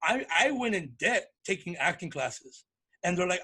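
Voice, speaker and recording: A male comedian guest telling animated stories in a casual interview and acting out the voices of people in his anecdotes. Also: sits high, moderate pace, breathy edge.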